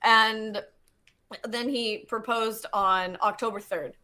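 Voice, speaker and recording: A woman guest telling personal stories in a chatty, animated way, full of fillers and casual swearing. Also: on the high side, slow pace. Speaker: podcast guest, geologist. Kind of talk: casual storytelling.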